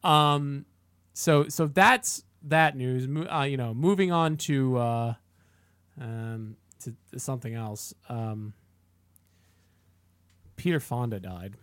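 A man co-hosting a podcast, chatting casually in a halting way, often repeating and restarting words. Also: medium pitch, a bit bright, clean tone, no room sound. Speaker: podcast co-host. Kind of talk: casual chat.

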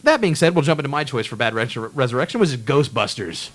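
A man's voice: medium pitch, big pitch swings, fast. A man hosting a casual movie chat, ranting bluntly and swearing freely. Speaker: podcast host.

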